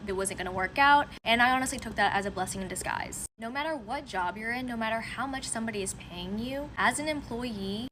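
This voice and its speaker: A woman telling a casual storytime in an emphatic, preachy pep-talk manner. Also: a little high. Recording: noisy background.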